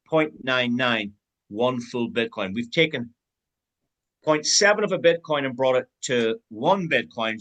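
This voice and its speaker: A man's voice: mid-range voice, fairly bright tone, poor audio. A man giving a team sales training talk, acting out both sides of example conversations.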